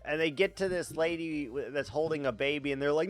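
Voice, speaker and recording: A man's voice: fairly high pitch, fairly quick, dry recording. A man chatting casually while streaming a game, rambling, swearing freely and talking to his chat. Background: faint background music.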